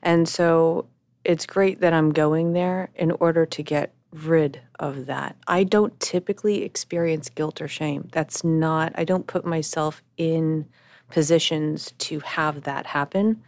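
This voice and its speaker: Low-voiced woman talking frankly. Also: steady tone, darkish tone, no echo. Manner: emotional, searching, speaks in halting restarts. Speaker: podcast co-host. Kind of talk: candid conversational podcast.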